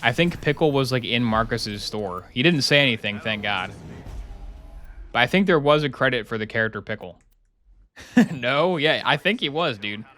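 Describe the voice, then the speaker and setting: Male streamer, casual live chat, sarcastic and rambling, bright-toned voice. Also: medium pitch, lively intonation, normal speed.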